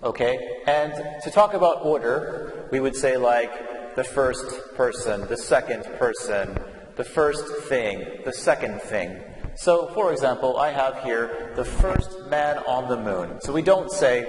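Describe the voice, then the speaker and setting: A man's voice: medium pitch, lively intonation, unhurried. A man teaching English numbers, speaking patiently and drilling words for listeners to repeat in a classroom. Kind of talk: slow classroom explanation. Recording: echoey room with long reverb and faint hum.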